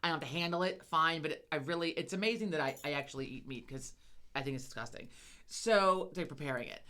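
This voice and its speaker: A woman's voice: low-pitched, fast talker. A middle-aged woman co-hosting a podcast, telling a cooking story in casual chat with lots of swearing. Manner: profane, animated storytelling. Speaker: podcast co-host.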